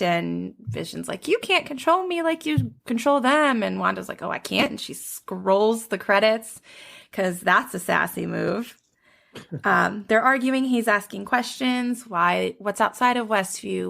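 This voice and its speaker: A woman hosting a podcast, quickly retelling a TV episode in casual chat and laughing often. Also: mid-range voice, gravelly, fairly bright tone. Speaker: podcast host.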